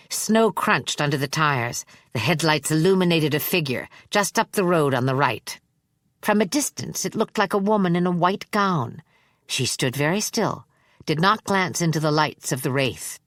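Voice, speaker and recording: A woman narrating a dark horror audiobook in a measured, even storytelling manner on a close studio mic. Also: low voice, no echo. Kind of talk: scripted narration.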